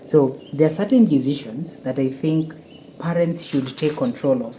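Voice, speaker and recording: A parent, talking casually and earnestly about family rules at length. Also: female voice, low voice, normal speed, dark tone, a little hiss or hum. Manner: explains at length, firm and earnest. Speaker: parent co-hosting a family channel. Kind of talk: casual chat.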